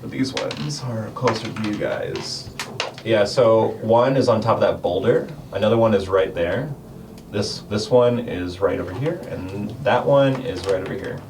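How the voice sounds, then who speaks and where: Low-voiced man running a tabletop game. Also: moderate pace, noisy background. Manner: descriptive, with many fillers and laughs. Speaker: game master. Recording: distant mic with background music.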